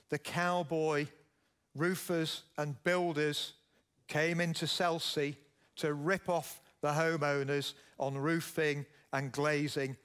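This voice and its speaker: A man's voice: fairly high pitch, fairly bright tone. A middle-aged man from Yorkshire with a Yorkshire accent, giving a conference keynote speech and telling stories as he asks the audience questions. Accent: Yorkshire English. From Yorkshire, England. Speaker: keynote speaker, business founder. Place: conference stage.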